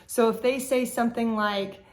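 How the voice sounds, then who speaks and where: A woman hosting a relationship advice talk, explaining calmly and speaking straight to her viewers. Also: fairly high pitch, normal speed. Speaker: relationship therapist host. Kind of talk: educational talk to camera.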